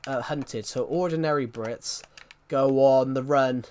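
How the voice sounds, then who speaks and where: His mid-range voice is a little slow, darkish and clean in tone. He's a man from southwest England, speaking with the region's accent as he rambles through viewers' questions in a relaxed live-stream chat.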